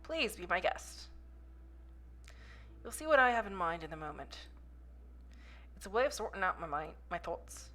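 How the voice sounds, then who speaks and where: A woman reading the lines of a soft-spoken, mysterious man from a story game in a hushed, measured voice. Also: fairly low pitch, big pitch swings.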